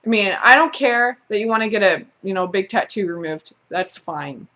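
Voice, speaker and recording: A woman's voice: medium pitch, expressive, moderate pace, sharp tone. A woman vlogger in a casual, sarcastic rant who talks bluntly and swears freely. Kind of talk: casual ranting monologue.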